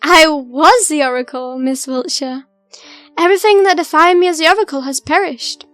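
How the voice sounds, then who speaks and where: A woman's voice: high voice, normal speed, a bit bright, dry recording, soft background music. A woman reading as a solemn, formal former oracle.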